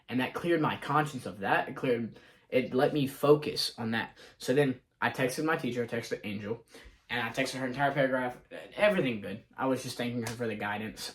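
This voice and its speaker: Young male vlogger, loose and scatterbrained, chatty day recap. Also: medium pitch. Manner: scatterbrained, quotes himself and others in conversation. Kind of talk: casual rambling vlog. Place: in a car.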